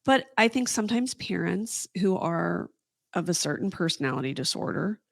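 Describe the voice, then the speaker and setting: A woman's voice: fairly low pitch, lively intonation, normal speed, vocal fry, no echo, studio quality. A woman guest on a podcast, chatting casually and giving confident, analytical opinions. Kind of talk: casual chat.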